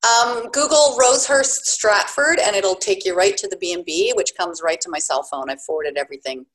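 Guest: woman, 50s, chatty and animated, lots of "like" and "you know". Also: mid-range voice, brisk. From Canada. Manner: chatty, animated, many fillers. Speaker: guest, bed and breakfast owner. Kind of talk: podcast interview.

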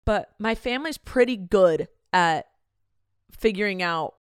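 A young adult woman co-hosting a podcast in casual chat, joking and reacting quickly. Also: mid-range voice, expressive, clear, resonant tone, no room sound, studio quality. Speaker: podcast co-host.

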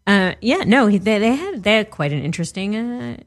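A woman's voice: mid-range voice, lively intonation, brisk. A woman in her forties co-hosting a casual podcast chat, laughing often and trailing off mid-sentence. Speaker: podcast co-host.

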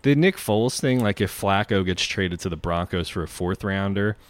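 A man hosting a loose sports podcast in a very low voice. He rambles through long riffs and swears casually. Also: normal speed, dry recording. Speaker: podcast host.

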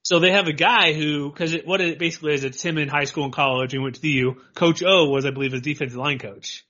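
A man co-hosting a podcast, talking sports in a rambling, animated way and laughing often. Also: a little high, quick pace. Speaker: podcast co-host. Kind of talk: casual sports chat. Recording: dull lo-fi audio.

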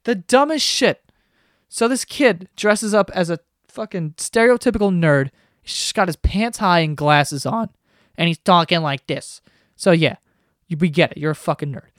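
A podcast host with a high voice rants casually at a normal speed, full of swearing and sarcasm. His delivery is profane and animated. The recording is dry and studio quality.

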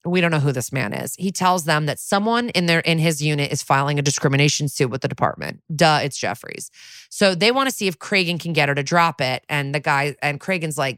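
A young woman co-hosting a podcast, casually recapping a TV episode, swearing freely and snapping into quick voices for the characters. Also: sits low, expressive, a bit bright, dry recording, clean studio sound. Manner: chatty, profane, acts out quotes in quick voices. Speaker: podcast co-host.

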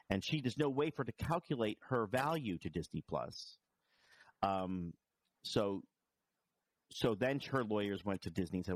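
Lower-pitched man telling industry stories. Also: normal speed. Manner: animated storyteller, acts out quoted dialogue. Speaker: TV writer and producer. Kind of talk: casual conversation.

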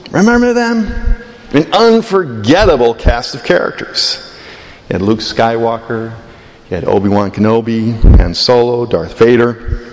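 A man in his fifties giving a conversational sermon as a priest, rising with emphasis on key phrases. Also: mid-range voice. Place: church. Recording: long church reverb.

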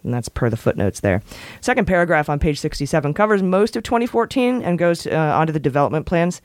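A woman's voice: low-pitched, sing-song, quick pace, a little mellow, no echo. A woman co-hosting a podcast in casual chat, wry and jokey, breaking into goofy voices and bits of song. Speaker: podcast co-host.

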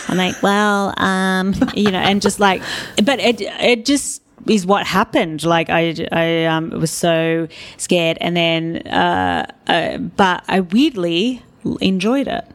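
A woman's voice: lowish voice, slow pace. An Australian woman speaking as an interview guest, telling stories candidly and with animation. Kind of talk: casual interview talk.

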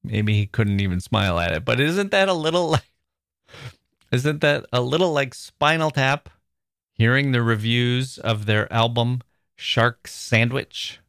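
A man hosting a literary podcast, thoughtful and expressive as he reads and explains. His voice sits in a middle pitch. The sound is dry and close, with no room around it. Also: a little slow, no room sound. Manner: thoughtful and expressive, reading aloud with feeling. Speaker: podcast host.

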